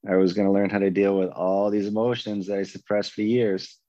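A man candidly recounting his own story, animated and acting out the lines of the people in it. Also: on the low side, fairly quick, dry recording, dull audio. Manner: animated, acts out other people's lines in a raised voice. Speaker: guest telling his recovery story.

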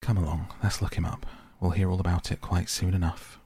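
A man's voice: low-pitched, level tone, brisk, mellow, breathy edge, no room sound, full character voice. A man voicing a cheerful river rat. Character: cheerful good-natured male water rat.

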